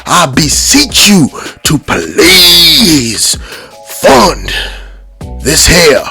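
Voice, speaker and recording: A man's voice: fairly high pitch, huge pitch swings, extremely slow, gravelly, bright, forceful tone, soft background music, pitched above the performer's own voice, full character voice. A man putting on the voice of a pleading, preacher-like male shill, in a mocking sing-song sermon tone. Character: oily male preacher-like shill begging for pledges.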